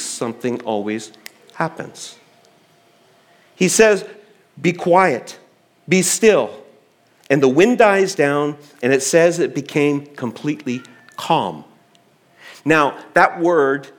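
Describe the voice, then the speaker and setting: A middle-aged man, a pastor, preaching a sermon in a church, acting out quotes and swinging between loud bursts and quiet, low lines. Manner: animated preacher acting out quotes with sudden loud and soft turns. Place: church hall.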